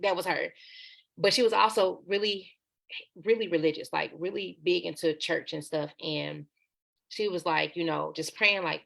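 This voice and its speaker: Gravelly bright-voiced woman telling her story. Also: lowish voice. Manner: candid, conversational, slips into acted quotes. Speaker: podcast guest. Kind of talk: personal storytelling interview.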